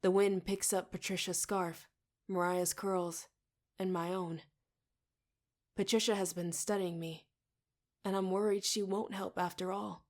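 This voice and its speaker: A woman reading a first-person audiobook in a steady, intimate way. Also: on the low side, a little slow, pauses often. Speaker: audiobook reader.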